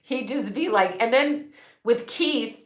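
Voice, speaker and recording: A woman's voice: a little high, slow. Woman, sixties, casual livestream chat, blunt, swears, laughs a lot, roomy echo. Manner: candid, swears freely, laughs often. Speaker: psychic and astrologer livestream host.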